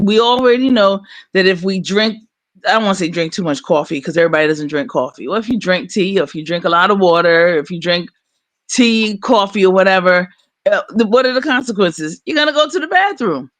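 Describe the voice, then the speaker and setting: A man's voice: high-pitched, lively intonation, a little fast, a bit bright, no echo. A man joining a live stream, talking in an easygoing way and explaining things at length. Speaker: stream guest. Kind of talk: casual chat on a live stream.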